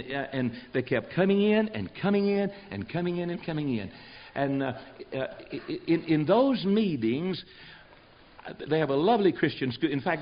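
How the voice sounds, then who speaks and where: A folksy older preacher spins stories in an emphatic, repetitive way. His voice sits somewhat high for a man, and the lo-fi recording sounds dull. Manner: folksy, emphatic, repeats phrases for effect. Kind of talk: storytelling guest on a talk show.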